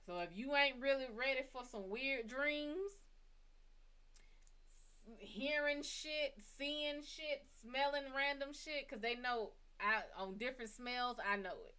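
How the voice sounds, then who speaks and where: Her voice is high and clean, and she speaks slowly. As the host and psychic reader of her own show, she shares a personal story with blunt, casual liveliness and plenty of cursing.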